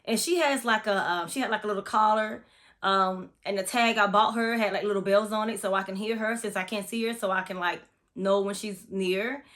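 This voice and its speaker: Bright-voiced woman telling a spooky story. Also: medium pitch, fairly even intonation, brisk. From Florida. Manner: chatty, profane, dramatic storytelling. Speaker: massage therapist. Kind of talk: casual storytime vlog.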